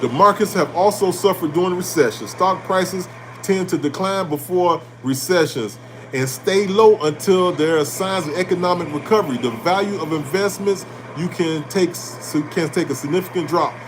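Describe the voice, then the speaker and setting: A man hosting an animated motivational talk on finance, blunt and preachy, repeating his points and swearing casually. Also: high-pitched, moderate pace, slight background noise. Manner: preachy and emphatic, repeating lines for effect. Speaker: host.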